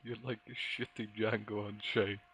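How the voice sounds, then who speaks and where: A man's voice: lowish voice, little pitch movement, normal speed, heavy background noise. A man co-hosting a casual podcast, teasing and exasperated, laughing often as he pushes back in a film argument. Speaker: podcast co-host.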